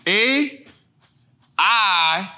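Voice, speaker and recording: A man with a high, bright voice that swings widely in pitch, teaching money lessons in a slangy street style. He drills each point home by repeating it and breaks into shouts. The delivery is animated and emphatic. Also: extremely slow. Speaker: host.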